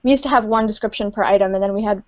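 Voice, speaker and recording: A woman talks casually in an interview, hesitating often with ums and likes and laughing between thoughts. Her voice sits in a middling pitch and comes through a dull, lo-fi call line. She sounds like someone on a home computer microphone. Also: rapid-fire. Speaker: game studio community manager.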